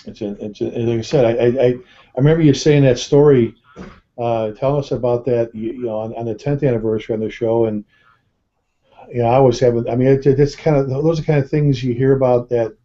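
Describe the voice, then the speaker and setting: A man's voice: mid-range voice, steady tone, a little fast, warm tone. A male host of a panel talk who stammers and repeats words as he starts his questions. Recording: muffled lo-fi web call audio.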